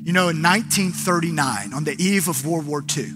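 A male pastor preaching an impassioned sermon, moving between urgent appeals and hushed storytelling. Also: fairly high pitch, a little fast, music in the background. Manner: impassioned, building to pleas and soft hushed moments.

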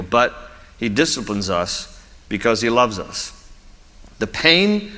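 Man, pastor, sermon, animated storytelling, bright voice, long hall echo. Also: medium pitch, takes it slowly, long pauses. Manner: animated, storytelling with laughs and repeated restarts.

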